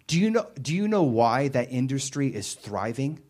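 A man preaching a sermon in a conversational way, with emphatic bursts and quieter stretches. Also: medium pitch, a little fast, hardly any pauses. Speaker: pastor.

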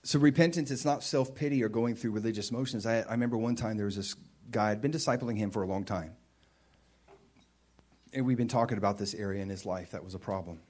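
A man preaching a sermon in a conversational way, with emphatic bursts and quieter stretches. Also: fairly low pitch, quick pace. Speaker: pastor.

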